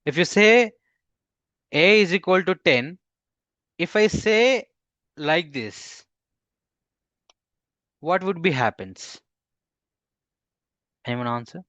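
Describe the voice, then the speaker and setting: A man teaching a live coding class, halting with fillers and restarts, often putting questions to his students. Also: sits high, expressive, a bit bright, no room sound, muffled recording. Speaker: instructor.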